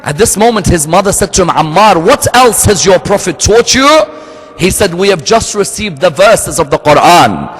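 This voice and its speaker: A man preaching a sermon, telling a story with acted-out dialogue and shifting his pitch and pace freely. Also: lively intonation, normal speed, husky, soft background music. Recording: long hall reverb.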